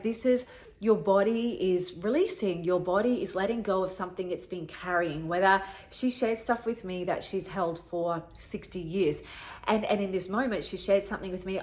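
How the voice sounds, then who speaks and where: Earnest woman telling a heartfelt story. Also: lowish voice. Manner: emotional, earnest, repeats herself often. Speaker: podcast host.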